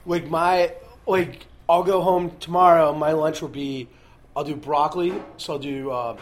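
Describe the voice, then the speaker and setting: A man's voice: fairly high pitch, steady tone, a little slow. A young man chatting casually as co-host, teasing and joking through his stories. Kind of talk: casual chat.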